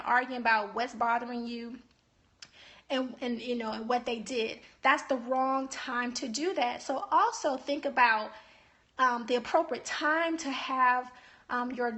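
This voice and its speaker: A woman with a high, bright voice coaches couples on communication. Her delivery is emphatic and preachy, full of rhetorical asides, like a casual live stream talk to her viewers. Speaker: marriage coach.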